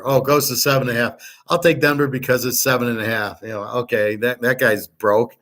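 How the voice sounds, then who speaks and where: A middle-aged man rants bluntly and profanely through a rambling monologue. He lectures his listeners as his students. His voice sits at an ordinary middle pitch. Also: steady tone, a little fast, fairly bright tone. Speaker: host.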